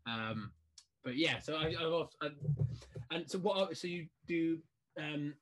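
A man's voice: on the high side, expressive, a little slow, a bit bright. A man hosting a casual interview, rambling and often restarting his sentences. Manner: chatty, rambling, self-interrupting. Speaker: podcast host.

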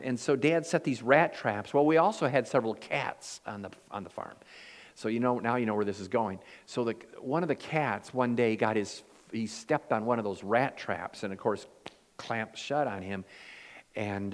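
A man preaching a sermon as pastor. He tells homey stories with a folksy, self-deprecating humor. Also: medium pitch. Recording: long hall reverb.

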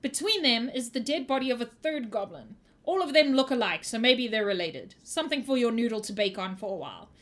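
A woman's voice: fairly high pitch, lively intonation, fairly quick, few pauses. A young woman narrating as game master of a tabletop game, playful and teasing.

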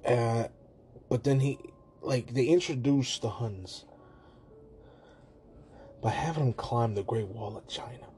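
A man casually and profanely retelling a movie scene on his podcast, slipping into quick put-on voices for the characters. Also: mid-range voice, dark tone, slight background noise. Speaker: podcast host.

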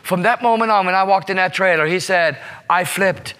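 A male seminar presenter tells a leadership story in an emphatic, repetitive manner, often tossing "right?" to the audience. His voice sits slightly high and rings bright and forceful. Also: normal speed. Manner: emphatic, repeats words and asks "right?". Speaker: leadership speaker.

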